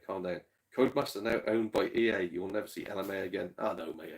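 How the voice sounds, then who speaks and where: A man's voice: sits low, fairly even intonation, fast, gravelly. A man chatting casually to livestream viewers, rambling, swearing freely and chuckling between rants. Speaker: game collector streamer.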